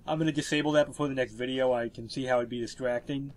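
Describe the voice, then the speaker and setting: A man with a stuffy voice from a cold talks casually through a game walkthrough. His voice sits at an ordinary pitch, and his explanations are full of fillers. A faint hiss of noise runs underneath. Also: fairly even intonation, quick pace. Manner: chatty, explanatory, with filler words. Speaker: video game walkthrough narrator. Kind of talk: casual gameplay commentary.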